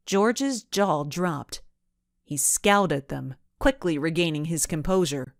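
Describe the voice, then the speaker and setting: A woman narrating a children's mystery audiobook in an expressive storytelling manner. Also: low voice, a little slow, dry recording, studio quality.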